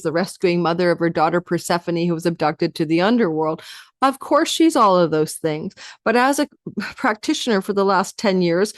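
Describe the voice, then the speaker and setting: A woman astrologer giving a chatty weekly forecast, talking fast and speaking straight to her viewers. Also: mid-range voice, no echo, clean studio sound. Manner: addresses viewers directly.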